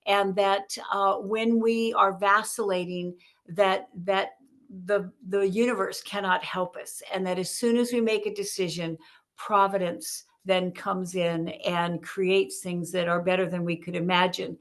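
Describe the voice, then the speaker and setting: A woman author, a guest on a podcast, telling stories in an animated way and acting out the voices in her stories. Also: mid-range voice, unhurried. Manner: animated storyteller, acts out quotes. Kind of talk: podcast interview storytelling.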